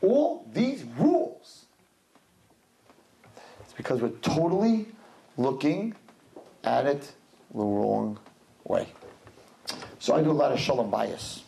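A man's voice: mid-range voice, slow pace, vocal fry, pauses often, slight background noise. A man speaking as a rabbi, giving a humorous sermon and acting out the people in his stories. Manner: animated storyteller, acts out voices in quotes.

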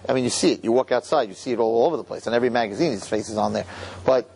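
A man giving an animated sermon, acting out scenes and repeating lines for emphasis. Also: medium pitch, very fast, vocal fry, slight background noise. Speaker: religious speaker.

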